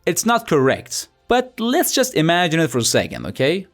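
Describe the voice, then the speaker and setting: Young male tutor, chatty and playful, slightly high voice with lively swings, over light music. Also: normal speed. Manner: playful, chatty, asks rhetorical questions. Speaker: language teacher. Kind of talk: scripted lesson narration.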